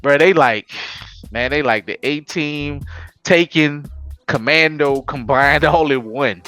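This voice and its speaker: A man co-hosting a casual anime podcast, talking in an animated, slangy way. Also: on the high side, slow pace, faint music behind. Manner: animated, slangy, jumps into quoted voices. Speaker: podcast co-host.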